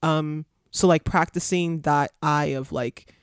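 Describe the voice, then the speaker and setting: A man with a fairly high voice answers as a podcast guest in a loose, chatty way. He fills his sentences with "like" and laughs easily. The recording is dry and close. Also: steady tone, slow, clear, resonant tone, no room sound. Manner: loose and chatty, heavy use of "like", laughs often. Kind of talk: casual interview chat.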